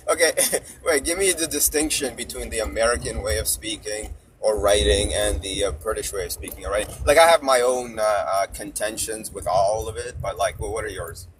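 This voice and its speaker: Rambling man with a low voice. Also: normal speed, hardly any pauses, a little hiss or hum. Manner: rambling, animated, laughs often. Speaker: podcast host. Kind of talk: casual chat. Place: parked car outdoors.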